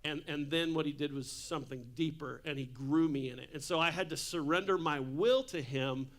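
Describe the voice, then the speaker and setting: A man preaches a relaxed, humorous sermon, full of asides and stories. His voice sits high and rings bright and clear. He is in a church. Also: moderate pace. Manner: casual, jokey preaching with asides. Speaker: pastor.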